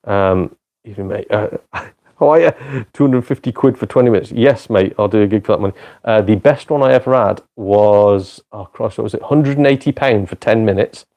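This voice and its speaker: With a fairly low pitch, dark tone, and moderate pace, this man hangs out with viewers on a live gaming stream. He's a streamer and part-time comedian whose talk is self-deprecating and full of swearing and laughter.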